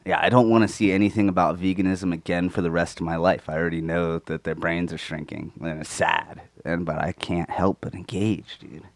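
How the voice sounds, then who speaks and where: Guy with a sore throat rambling and swearing, deep voice, dry close mic sound. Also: fairly even intonation, brisk, hardly any pauses, no room sound. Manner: crude, rambling, swears a lot. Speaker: podcast co-host. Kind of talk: casual chat. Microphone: close microphone.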